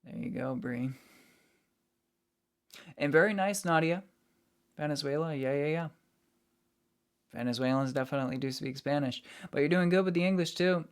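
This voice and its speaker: Relaxed man chatting with viewers. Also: on the high side, moderate pace, long pauses, clear, resonant tone. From United States. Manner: relaxed, reads out and greets chat. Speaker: streamer. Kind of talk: casual chat with viewers.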